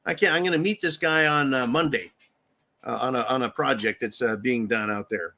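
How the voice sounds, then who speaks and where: A man's voice: medium pitch, normal speed, sharp tone. A man hosting a profane political rant, angry and mocking, with frequent swearing. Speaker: political commentary host.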